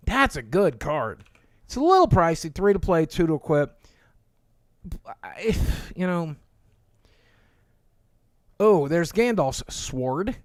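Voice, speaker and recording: A man's voice: high-pitched, no room sound, clean studio sound. A man casually reviewing trading cards on a live stream, reading card text aloud with chatty asides and thanking viewers.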